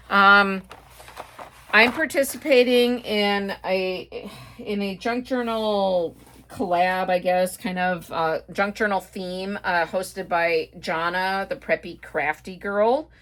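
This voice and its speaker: A woman's voice: mid-range voice, bright, forceful tone, slight background noise. A middle-aged woman with a Midwestern American accent, chatting casually through a shopping haul, rambling with lots of fillers and asides. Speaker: haul video host. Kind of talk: casual chat.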